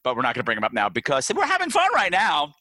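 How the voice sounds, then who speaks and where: A man co-hosting a casual movie review chat, animated, campy and joking. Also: mid-range voice, racing, dry recording. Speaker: podcast co-host.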